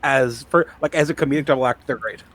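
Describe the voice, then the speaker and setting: A man's voice: mid-range voice, fast, fairly bright tone. A man co-hosting a podcast, giving casual analysis and often restarting his sentences. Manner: repeats himself as he starts thoughts. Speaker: podcast co-host.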